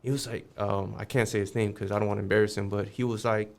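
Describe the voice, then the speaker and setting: A man's voice: on the low side, fast, creaky, few pauses. Streetwise man telling a story. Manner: streetwise, swearing, acts out quoted voices. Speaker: podcast guest. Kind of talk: casual storytelling interview.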